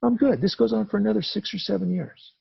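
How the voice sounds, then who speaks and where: A middle-aged man speaking at a recovery meeting, telling a personal story in an animated, conversational way and acting out the dialogue. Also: high voice, fast, creaky, breathy edge, no echo, lo-fi sound.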